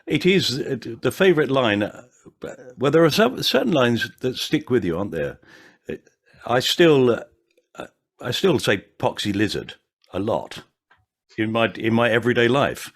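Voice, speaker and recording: An older man, an actor, chatting in an interview and telling anecdotes with animated impressions of fans. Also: mid-range voice, normal speed. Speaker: actor guest. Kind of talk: casual interview chat.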